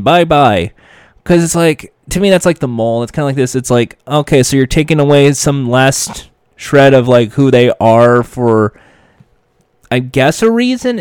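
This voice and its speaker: Animated man riffing on reality shows. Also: medium pitch, smooth, no room sound, clean studio sound. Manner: animated, acts out quoted lines. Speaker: reality TV commentator. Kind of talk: casual commentary.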